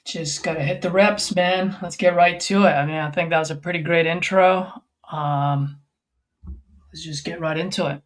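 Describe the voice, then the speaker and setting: A man's voice: a little high, fairly even intonation, normal speed, low-quality recording. A man guesting on a livestream who talks in an easygoing, joking, self-deprecating way. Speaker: guest sales closer. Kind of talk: casual livestream chat.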